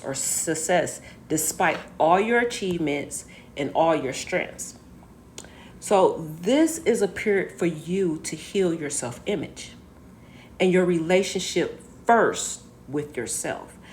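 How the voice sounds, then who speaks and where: A woman's voice: on the low side, slight background noise. A woman in her forties giving a casual oracle card reading to her viewers, chatty and full of stories and rhetorical questions. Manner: speaks straight to her viewers.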